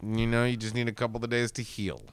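A man co-hosting a podcast, telling a story in a casual, animated way with swearing and loud cartoonish voices. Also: mid-range voice, fast talker, clean tone. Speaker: podcast co-host. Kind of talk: casual chat.

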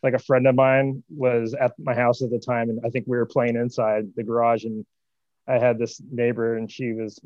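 Wry low-key man, dry dull sound. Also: little pitch movement, moderate pace, darkish tone, dry recording. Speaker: band member. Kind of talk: casual podcast chat.

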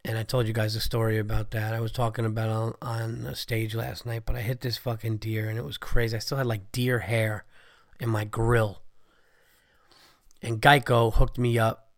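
A man's voice: medium pitch, vocal fry, no room sound, studio quality. A man in his thirties hosting a podcast, chatting casually in a profane, enthusiastic, rambling way while he has a cold. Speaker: podcast host. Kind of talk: casual monologue.

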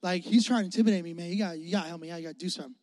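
A man voicing his teenage self, quietly telling his brother about a bully. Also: sits high, rapid-fire, no echo, studio quality, voice pushed down, natural voice. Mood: hushed. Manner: hushed, conspiratorial. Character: nervous teenage boy, quietly complaining.

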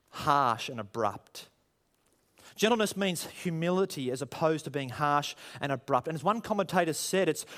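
Animated man preaching. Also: on the high side. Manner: animated, rhetorical questions, acts out quoted voices. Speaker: pastor. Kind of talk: sermon.

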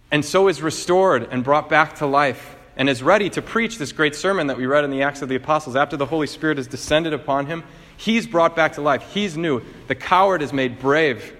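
A man's voice: on the high side, fairly bright tone. A man preaching a sermon and retelling gospel stories in an earnest storytelling manner. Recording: reverberant hall.

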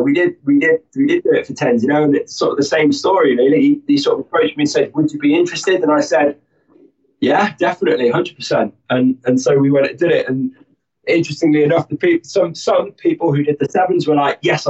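A man's voice: on the high side, fairly quick, a little mellow, distant mic, lo-fi sound. A man telling stories as an interview guest, rambling with many restarts and fillers. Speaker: guest, army instructor. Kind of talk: casual interview storytelling.

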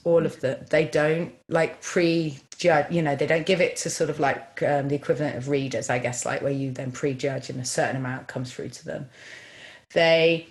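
A low-pitched woman, speaking as a film director in a relaxed interview. She talks in an animated, chatty way, packing her sentences with fillers and quick restarts. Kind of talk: casual interview storytelling.

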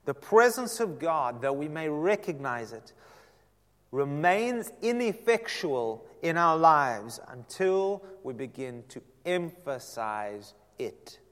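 A man's voice: on the high side, sing-song, slow pace. Preaching man in a reverberant church. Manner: preaching with dramatic swings from loud emphasis to soft near-whisper. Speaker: pastor. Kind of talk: sermon. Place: church sanctuary. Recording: long hall reverb.

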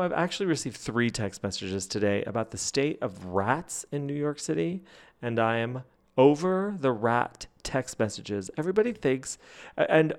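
A man hosting a fan podcast, telling stories and chatting in a gossipy, animated way that breaks into laughs. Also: mid-range voice. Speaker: podcast host. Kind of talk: casual chat.

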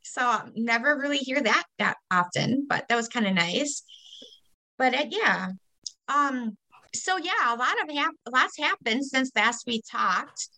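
Podcast co-host, woman, bright girlish voice, chatty and quick to laugh. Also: high voice, lively intonation. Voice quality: girlish, youthful voice. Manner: chatty, laughs easily, retells calls by quoting callers. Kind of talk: casual chat.

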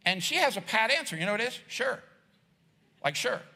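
Animated pastor in reverb hall. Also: male voice, high voice, rapid-fire. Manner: animated, jokey, acts out voices. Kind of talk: casual conversational sermon. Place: large church hall with audience.

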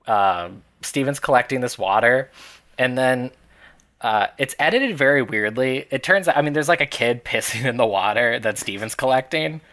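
Podcast co-host, male, mid pitch, loose wry recap chat. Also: lively intonation, normal speed, sharp tone. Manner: laughing, wry, rambling. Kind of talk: casual movie recap chat.

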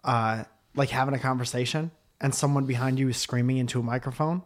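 Profane, animated man telling stories. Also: mid-range voice, fast talker. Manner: animated storytelling, profane, teasing. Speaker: podcast co-host, stand-up comic. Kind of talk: casual chat.

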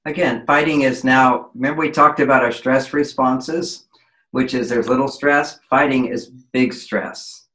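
A man's voice: medium pitch, steady tone, measured pace, pushed and bright, roomy sound, low-quality recording. A man giving relationship advice as an interview guest, explaining in an emphatic, lecturing way and acting out quoted voices.

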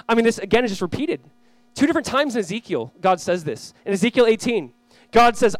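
Fast, impassioned high-voiced male pastor. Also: expressive, no room sound. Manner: impassioned, voice rising and dropping sharply; acts out quoted voices in casual speech. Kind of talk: sermon.

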